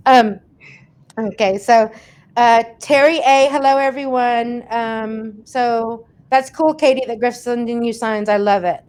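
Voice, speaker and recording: A chatty woman with a high voice hosts a casual livestream. She reads viewer comments aloud and answers them in a loose, laughing way. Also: steady tone, measured pace, darkish tone, clean tone. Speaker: host reading viewer questions.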